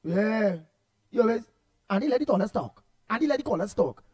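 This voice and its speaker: Trinidadian male radio host, very high pitch, animated and rambling. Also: brisk, pauses often. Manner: animated, repetitive, laughs often, loud outbursts. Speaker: radio talk show host. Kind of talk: casual radio chat reading listener comments.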